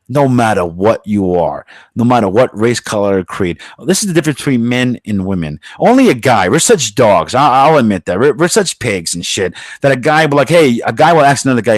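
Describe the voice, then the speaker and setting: A man's voice: medium pitch, big pitch swings, a little fast, hardly any pauses, no echo. A man hosting his own podcast, ranting bluntly and swaggering with heavy swearing. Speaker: podcast host. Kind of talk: profane casual rant.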